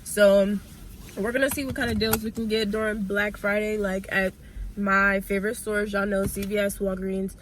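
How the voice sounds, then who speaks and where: A woman's voice: medium pitch, flat delivery, normal speed, a bit bright. A young woman vlogging from a parked car, her voice a bit sick and cutting in and out. She talks to her viewers in a chatty, familiar way and counts items aloud. Faint car noise hums behind her. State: a little sick, voice going in and out. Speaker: couponing vlogger. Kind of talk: casual vlog chat.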